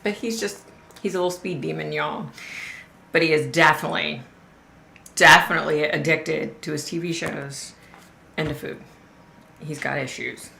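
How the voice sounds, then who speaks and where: A middle-aged woman talks casually to her livestream viewers, chatty and loose with swear words. Her voice is gravelly, bright and a little low, and it carries an echo from the room. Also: steady tone, moderate pace, pauses often, a little hiss or hum. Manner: chatty, swears freely, drawls "y'all". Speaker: host of a livestream.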